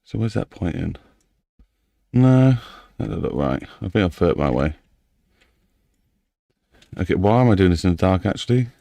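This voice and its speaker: A man's voice: low-pitched, animated, normal speed, gravelly, pauses often, dark tone, dry recording. A man, slightly out of breath, thinking aloud to himself as he builds a game map. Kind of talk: casual commentary while building a game map.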